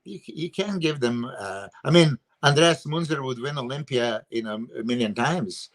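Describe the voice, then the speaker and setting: This Serbian-speaking bodybuilding coach, appearing as a guest analyst, has a medium-pitched, expressive voice at normal speed. In a casual podcast chat over a video call, he talks in an emphatic, opinionated way, sprinkling in lots of "you know" and "uh."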